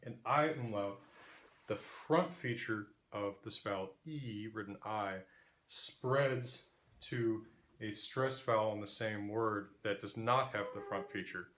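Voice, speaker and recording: Lower-voiced Interior West American lecturer. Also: male voice, fairly bright tone. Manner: measured, demonstrates vowel sounds aloud. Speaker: linguistics teacher. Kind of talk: explanatory lecture.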